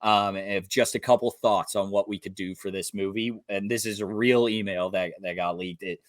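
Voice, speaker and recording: A man's voice: lowish voice, steady tone, normal speed, no echo, clean studio sound. A man co-hosting a podcast, talking casually and animatedly about films, swearing freely and acting out characters. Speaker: podcast co-host. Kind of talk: casual film review chat.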